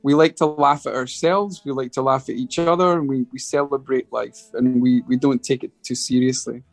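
Guesting in a relaxed interview, a middle-aged musician from Scotland rambles through a story full of restarted sentences and acted-out quotes. He has a mid-range voice with a steady tone and a moderate pace, and the recording is dry with faint background music.

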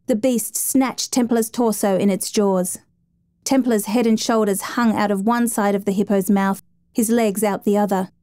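A woman reading a dramatic true story as a steady, measured narrator. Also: mid-range voice, dry recording.

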